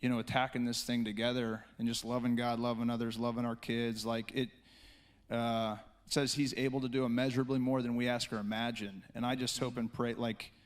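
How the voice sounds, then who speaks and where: A man's voice: medium pitch, flat delivery, fairly quick. A man, speaking as a church speaker in a panel talk, earnest and rambling with many restarts.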